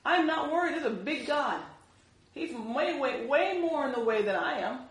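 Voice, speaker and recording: A woman preaching a sermon in an animated way, acting out the voices she quotes. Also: high-pitched, moderate pace, roomy sound, poor audio.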